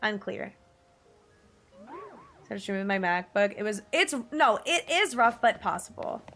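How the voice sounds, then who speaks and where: A young woman in her twenties streaming, chatting casually with viewers in a bubbly, giggly way, her pitch jumping up often. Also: big pitch swings, a little slow, fairly bright tone. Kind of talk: casual livestream chat reading viewer messages. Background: faint music.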